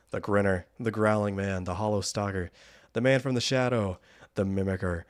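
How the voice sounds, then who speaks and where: A man's voice: on the low side, fairly even intonation, normal speed. A man giving casual, wry gameplay commentary, rambling and often laughing. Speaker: gaming YouTuber.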